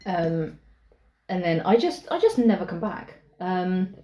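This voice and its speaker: A young woman co-hosting a podcast, speaking in casual chat, unhurried and hesitant with many fillers. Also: on the low side, very animated, warm tone. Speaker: podcast co-host. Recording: roomy echo.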